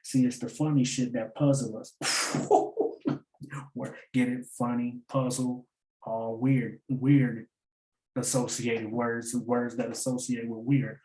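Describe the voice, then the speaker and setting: Mellow-voiced man breaking down rap bars. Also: mid-range voice, level tone, unhurried, echoey room, rough recording. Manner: explains by repeating lines and asking "get it?"; loose and slangy, laughs at his own points. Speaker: battle rap breakdown host. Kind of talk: casual commentary breaking down rap lyrics.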